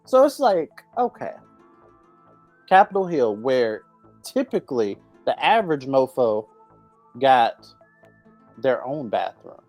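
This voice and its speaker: A woman's voice: very deep voice, sing-song, takes it slowly, pauses often, warm tone, faint music behind. A woman co-hosting a casual talk show, ranting bluntly and with profanity about the news. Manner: ranty, blunt and profane, laughs easily. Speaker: podcast co-host. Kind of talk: casual opinionated chat.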